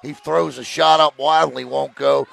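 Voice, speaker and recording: A man calling a high school basketball game play by play, excitable on big plays and joking between them. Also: measured pace, gravelly. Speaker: play-by-play announcer. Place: gym broadcast position.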